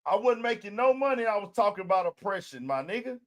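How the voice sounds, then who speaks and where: A man's voice: high voice, big pitch swings, quick pace, no echo, studio quality. A man hosting a live stream, ranting in a fired-up way and calling out to his viewers, repeating his points. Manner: fired-up, repeats himself, calls out to the audience. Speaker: livestream host. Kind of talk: live-stream commentary rant.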